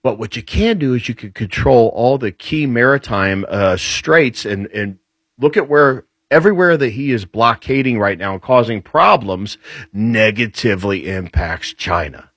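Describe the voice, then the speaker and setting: Husky, lively man explaining points. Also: medium pitch, moderate pace, no echo. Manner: lively explainer, builds points with rhetorical questions. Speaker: guest commentator on military affairs. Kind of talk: casual political talk.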